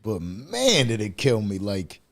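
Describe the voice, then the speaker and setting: A man's voice: on the low side, huge pitch swings, unhurried, vocal fry. A man hosting a casual podcast interview, telling stories animatedly and swearing freely. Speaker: podcast host.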